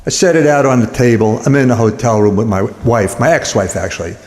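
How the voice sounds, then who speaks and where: A man telling dance jokes in a rapid, punchy stand-up delivery. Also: mid-range voice, expressive, a little mellow. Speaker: comedian. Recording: echoey hall.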